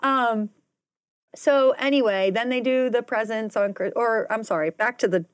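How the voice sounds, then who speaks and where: A woman's voice: a little high, moderate pace, clear, resonant tone, no room sound. A woman co-hosting a podcast, chatting casually and rambling through a recap with side notes and acted-out quotes. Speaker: podcast co-host.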